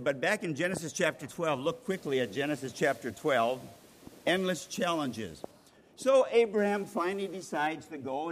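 A male pastor preaching a sermon, animated, acting out voices of the people he quotes. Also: on the high side. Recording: reverberant hall, faint noise.

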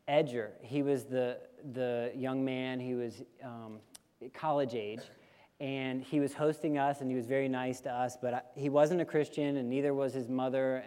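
A male missionary sharing a lively personal story with a congregation and getting listeners to repeat phrases after him. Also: medium pitch, clean tone. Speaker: missionary speaker. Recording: long hall reverb.

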